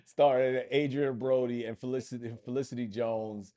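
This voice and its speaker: A man's voice: medium pitch, fairly even intonation, fairly quick, warm tone. A man with a New York accent, co-hosting a casual podcast chat and often checking in with "right?". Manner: conversational, rambling with many "right?" checks. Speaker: podcast co-host.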